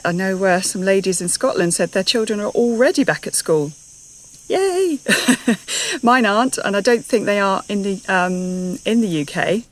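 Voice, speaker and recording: A woman's voice: mid-range voice, rough recording. A woman hosting a casual live stream from her garden, slightly out of breath, upbeat and chatty, asking her viewers lots of questions. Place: garden, outdoors.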